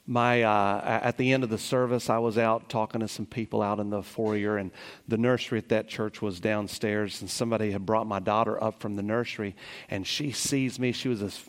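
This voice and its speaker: Man preaching in a reverberant church. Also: fairly low pitch. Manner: storytelling with rising excitement and soft slow scripture reading. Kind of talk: sermon. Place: church sanctuary.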